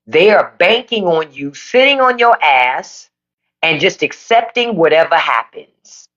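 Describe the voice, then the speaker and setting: A woman's voice: lowish voice, big pitch swings, unhurried, a bit bright, lo-fi sound. Blunt, profane woman ranting on a live stream. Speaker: livestream podcast host. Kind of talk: unfiltered political rant on a live stream. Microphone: phone or desk mic for a live stream.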